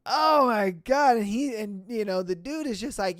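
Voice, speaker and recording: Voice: mid-range voice, lively intonation, a little slow, few pauses, dry recording, clean studio sound. A profane, laughing podcast host. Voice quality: profane, exclamatory, laughs often. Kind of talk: reading and reacting to reddit stories.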